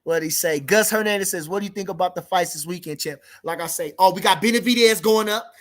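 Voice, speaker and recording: Rambling man, slightly high voice, livestream host, casual boxing chat, shout-outs to viewers. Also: fast talker. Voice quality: rambling, restarts, lots of "you feel me".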